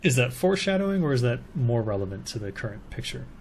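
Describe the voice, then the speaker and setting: A man's voice: mid-range voice, big pitch swings, quick pace, creaky, a little mellow, a little hiss or hum. A man giving casual, tentative commentary while analysing a video. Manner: musing, tentative.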